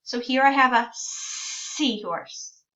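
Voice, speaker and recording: A woman teaching a speech-sound lesson to young children, sounding out words slowly and drawing out sounds. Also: a little high, bright, forceful tone. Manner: slow, drawn-out sounding out of words. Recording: distant, dull lo-fi recording.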